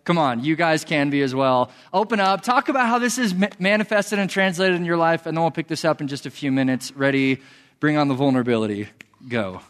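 Young guy pastor, chatty and self-deprecating, slightly higher voice, big echoey hall. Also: a little fast, a bit bright. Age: young adult. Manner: candid, self-mocking, conversational. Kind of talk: casual sermon.

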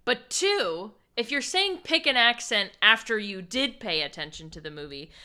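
A young woman co-hosting a casual chat, talking fast and emphatically like a devoted fan. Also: on the high side, animated, sharp tone, smooth. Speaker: podcast co-host.

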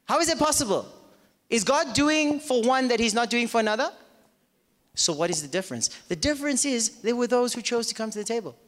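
A male pastor with an extremely high, brisk, expressive voice and a slightly bright tone preaches to a live congregation in a church auditorium. He fires rhetorical questions at them and acts out their doubts in quoted voices. The sound is reverberant, as in a church hall.

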